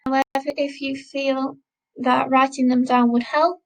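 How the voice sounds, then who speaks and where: A woman teacher with a high, slightly gravelly voice leads a French lesson. She speaks slowly and carefully, repeating each word so learners can copy it. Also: flat delivery, low-quality recording. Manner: slow, careful pronunciation drills, repeating words. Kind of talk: recorded classroom lesson.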